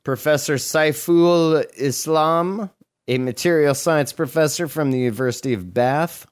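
Smooth-voiced man reading news with jokes. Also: a little high, unhurried. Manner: jokey, crude, reads headlines with sarcastic asides. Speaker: podcast co-host reading news stories. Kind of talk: casual comedic chat.

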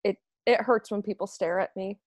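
A woman's voice: medium pitch, steady tone, moderate pace, darkish tone, lightly acted. A woman voicing a shy, self-conscious young woman with tentacles in a tabletop game.

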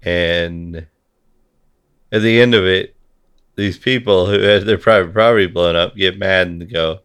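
A man's voice: low voice, measured pace, long pauses, fairly bright tone, smooth. A man in a heated conversation, talking bluntly and swearing freely as he rants. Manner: blunt, profane ranting.

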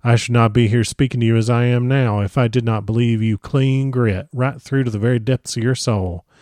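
A man's voice: mid-range voice, fairly even intonation, brisk, a little mellow, no echo, studio quality, close to an everyday voice. A man voicing a good-humored young Texan man who speaks in an earnest, folksy way.

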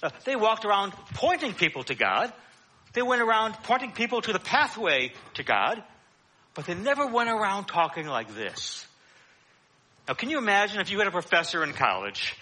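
A man's voice: sits high, big pitch swings, normal speed, sharp tone, breathy edge. A man preaching a sermon in a conversational teaching manner, with frequent "uh" fillers.

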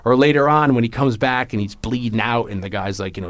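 A man in relaxed conversation, talking fast and animated as he replays favorite scenes. He jumps into the characters' lines, trips over restarts and laughs along. His voice sits mid-pitch with a dry, close recording. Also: no room sound. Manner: animated, acts out movie lines, laughs often, many restarts. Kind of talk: casual chat.

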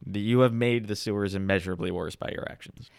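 Low, smooth-voiced male game master. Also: fairly even intonation, fast talker. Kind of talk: narrating a tabletop game.

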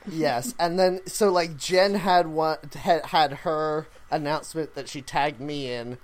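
A man's voice: fairly high pitch, unhurried. A man co-hosting a casual chat, talking with many fillers and laughing easily. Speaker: podcast co-host.

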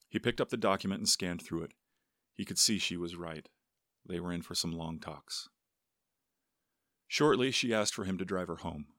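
A man reading a novel aloud in steady storytelling narration. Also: sits low, normal speed, long pauses, no room sound, studio quality. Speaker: audiobook narrator. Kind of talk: scripted narration with character voices.

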